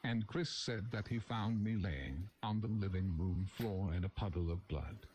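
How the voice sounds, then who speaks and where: Young man, fairly low voice, steady horror story narration, faint background noise. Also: unhurried.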